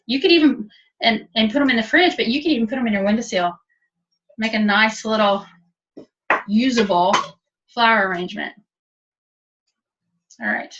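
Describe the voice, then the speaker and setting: A woman's voice: fairly high pitch, normal speed, pauses often, fairly bright tone. A woman giving a chatty, practical step-by-step cooking demonstration in a kitchen, heard over webinar audio. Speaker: cooking instructor. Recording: distant, dull webinar audio.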